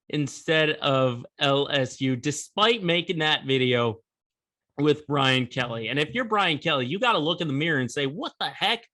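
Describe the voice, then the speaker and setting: A man with a bright, forceful voice, a little higher than most men's, talking through the week in sports on his own podcast. He speaks in a loose, conversational way and jumps up into emphatic bursts when he makes a point. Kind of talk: solo sports commentary.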